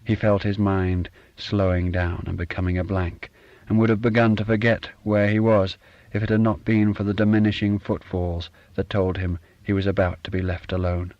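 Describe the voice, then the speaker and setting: A man reading literary fiction aloud as an audiobook narrator, measured and even. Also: deep voice, dry recording, dull audio.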